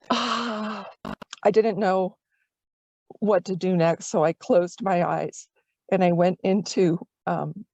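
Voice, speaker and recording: Soft-voiced woman telling a tender story. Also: a little high, no room sound, dull audio. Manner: slow, tender storytelling, at times tearful. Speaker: meditation teacher. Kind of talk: personal story in a dharma talk.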